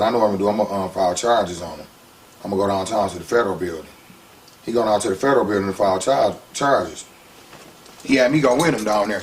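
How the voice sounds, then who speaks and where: A man in a casual interview telling his story in an animated, slangy way. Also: fairly low pitch, distant mic, slight background noise. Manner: animated, slangy, heats up when retelling conflicts.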